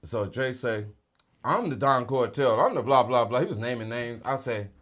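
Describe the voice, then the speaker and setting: A man's voice: mid-range voice, moderate pace. A middle-aged man, an R&B singer, telling stories in a casual interview and acting out the people he quotes. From North Carolina. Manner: animated storyteller acting out quoted voices.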